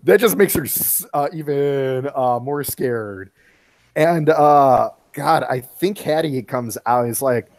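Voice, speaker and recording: A man narrating a tabletop game as game master, halting with many fillers. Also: mid-range voice, a little mellow.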